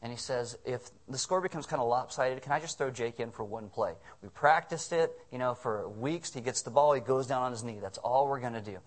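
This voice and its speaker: Male pastor, sermon storyteller, lively and earnest. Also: mid-range voice, brisk, few pauses. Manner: animated storytelling, chuckling asides.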